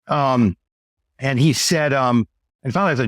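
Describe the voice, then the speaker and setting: A man's voice: mid-range voice, normal speed, no room sound, clean studio sound. Blunt, plain-talking sales trainer man. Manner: blunt, emphatic, mild cursing; conversational, often asks "right?". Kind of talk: casual storytelling monologue.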